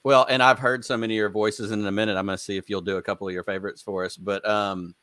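A man's voice: on the low side, level tone, very fast, fairly bright tone, clean tone, no echo. A man hosting a podcast, chatting enthusiastically with a guest and telling rambling stories. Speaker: podcast host. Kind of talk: casual interview chat.

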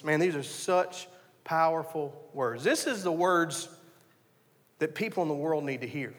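A man's voice: fairly high pitch, expressive, a little slow, fairly bright tone, big-room sound. A man preaching a conversational sermon, telling his story earnestly and often restarting his sentences. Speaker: pastor.

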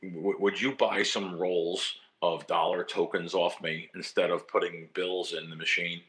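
A man voicing a tall, quiet intellectual gambler with a low, dark voice in a retold story. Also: little pitch movement, a little slow. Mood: hushed.

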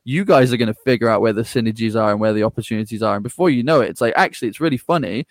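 A man talking as a podcast guest in a casual conversation. He is energetic, laughs often and acts out other people's replies. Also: lowish voice, very fast, dry recording, clean studio sound.

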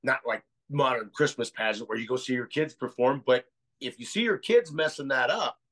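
A man's voice: medium pitch, moderate pace, a bit bright, low-quality recording. Rambling American man thinking aloud. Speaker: guest researcher. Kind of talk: casual podcast conversation.

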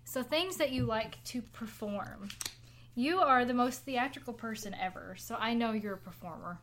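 A woman with a high voice chats through a relaxed podcast from her living room. She tells stories in a loose, rambling way and laughs easily along with her co-host. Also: normal speed, a little hiss or hum. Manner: chatty storyteller, laughs often. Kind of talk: casual chat.

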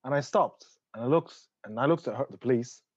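A man's voice: medium pitch, a little fast, slightly rough, dry recording, dull audio. Laughing Irish man telling a story. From Ireland. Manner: animated, laughing often, swearing. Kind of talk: casual storytelling.

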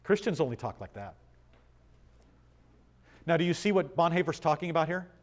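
A man's voice: fairly high pitch, very animated, moderate pace. A man preaching a Bible study sermon, reading passages aloud and asking his listeners questions in a conversational way. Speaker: pastor.

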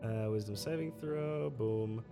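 A man running a tabletop game online as game master, who apologizes and laughs often and slows down to narrate scenes. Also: fairly low pitch, vocal fry, music in the background. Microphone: streaming setup.

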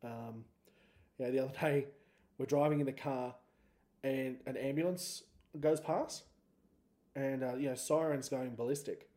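A man's voice: medium pitch, fairly even intonation, measured pace, long pauses, mellow. A man in his thirties with an Australian accent, hosting a solo podcast and telling a story in a laid-back, joking, rambling way. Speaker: podcast host.

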